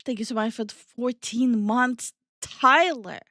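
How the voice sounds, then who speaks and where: A woman's voice: a little high, level tone, normal speed, no room sound, studio quality. A young woman streaming live, chatting casually with her viewers and reading their messages aloud. She is playful, laughs often and swears offhandedly. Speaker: streamer and VTuber host.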